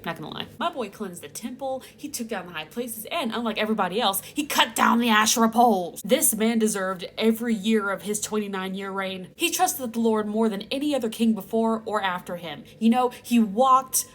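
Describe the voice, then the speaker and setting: A woman's voice: medium pitch, fairly quick, few pauses. A woman hosting a comedic Bible recap vlog, talking in a sarcastic, playful way full of exaggerated asides. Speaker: host.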